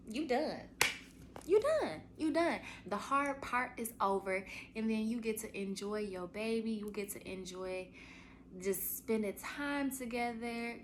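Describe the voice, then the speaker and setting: A woman's voice: mid-range voice, a bit bright, a little hiss or hum. A young woman hosting a podcast, telling a heartfelt story in casual chat and calling her listeners y'all. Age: young adult. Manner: chatty, addresses listeners as y'all. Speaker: podcast host.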